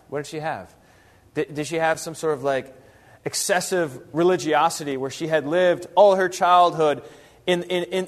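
A man with a somewhat raised voice walks his listeners through a Bible passage in a relaxed, chatty teaching style. He keeps it lively, throwing out rhetorical questions and briefly acting out the people he describes. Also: a little high. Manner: lively, uses rhetorical questions and acted-out asides. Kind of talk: casual, conversational Bible teaching.

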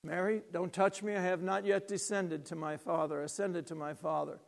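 A man preacher voicing the risen lord, speaking slowly in a hushed, solemn tone. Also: high-pitched, level tone, gravelly, pitched below the performer's own voice. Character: risen lord, grown man, calm and tender.

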